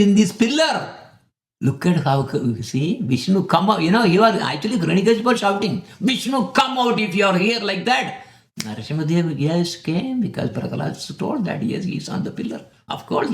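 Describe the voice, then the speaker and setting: A man giving a devotional sermon, telling the story dramatically and with lots of animation. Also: on the high side. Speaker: spiritual speaker. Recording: echoey room.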